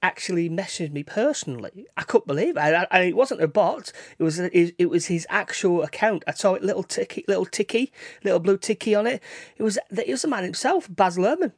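A man hosting a casual solo podcast, rambling along, repeating and restarting his words, with sudden excitable bursts. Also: high voice, a little fast, no echo, clean studio sound. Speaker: podcast host. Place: indoors, rain outside.

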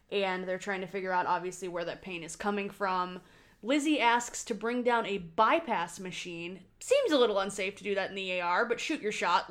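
A woman in her twenties co-hosting a podcast, walking through an episode recap in relaxed chat. She drops wry little quips as she goes. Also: medium pitch. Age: 20s. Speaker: podcast co-host.

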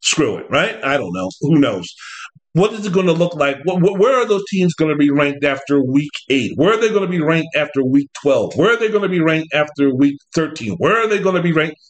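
A man hosting a casual sports talk show, rambling and animated, slipping now and then into mocking impressions of coaches. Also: a little high, fairly quick. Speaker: podcast host.

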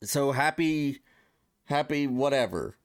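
A man's voice: medium pitch, animated, slow pace, no room sound, clean studio sound. A man co-hosting a podcast, chatting casually in a blunt, emphatic, ranting way. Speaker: podcast co-host. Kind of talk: casual chat.

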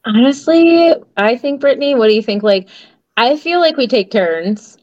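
A woman co-hosting a paranormal chat podcast, talking in an excitable, rambling way and acting out what others said. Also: a little high, normal speed, no room sound, dull audio. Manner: excitable, rambling, acts out quotes. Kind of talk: casual chat.

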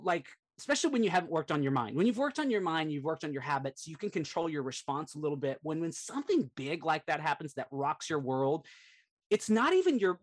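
A middle-aged man with a fairly high voice tells a personal story as a podcast guest. He speaks earnestly and with animation, often filling gaps with "like". His delivery is conversational storytelling rather than a scripted read. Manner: earnest, animated retelling, frequent "like" fillers.

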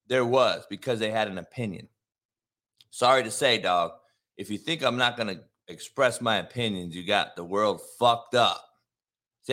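A man hosts a live sports talk show with a high-pitched voice. His bright, cutting tone carries a combative, profane rant that swings into bursts of shouting. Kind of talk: ranting live show monologue.

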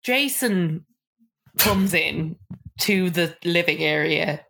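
Chatty woman recapping, low voice. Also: animated, takes it slowly, creaky, a bit bright. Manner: chatty storyteller who laughs often. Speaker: podcast co-host recapping a reality show. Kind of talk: casual chat.

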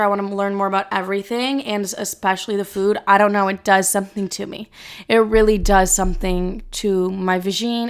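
A woman's voice: mid-range voice, vocal fry, clean tone. Brash, profane young woman podcaster. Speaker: podcast host. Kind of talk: casual solo podcast chat.

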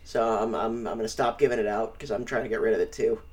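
A man co-hosting a podcast, chatting casually in an excitable, profane, enthusiastic way. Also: fairly low pitch, fast. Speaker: podcast co-host. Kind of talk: casual chat.

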